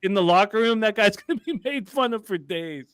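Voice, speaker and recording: A man with a high voice co-hosts a live football betting stream in a dry, close-miked sound. He jokes, swears and laughs often while reacting to the game. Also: lively intonation, brisk, a bit bright, smooth, no room sound. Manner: joking, profane, laughs often. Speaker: podcast co-host. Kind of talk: casual sports live stream banter.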